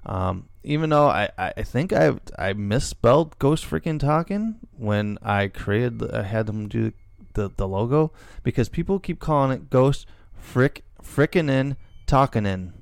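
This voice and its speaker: A man's voice: mid-range voice, lively intonation, measured pace, vocal fry, no room sound, clean studio sound. A middle-aged man, co-hosting a casual podcast and rambling with frequent restarts. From Illinois, USA. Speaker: podcast co-host.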